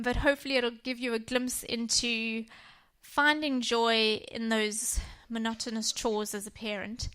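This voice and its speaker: A woman in her thirties giving a church talk on parenting, telling personal stories gently. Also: fairly high pitch. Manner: warm personal storytelling, gentle. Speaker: church speaker.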